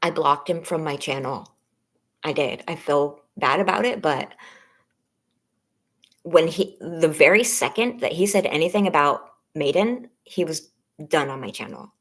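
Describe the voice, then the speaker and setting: A woman in her thirties on a personal live stream, talking haltingly and shakily as she holds back tears. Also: low-pitched, lively intonation. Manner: shaky, halting, close to tears. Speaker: vlogger on a members-only live stream.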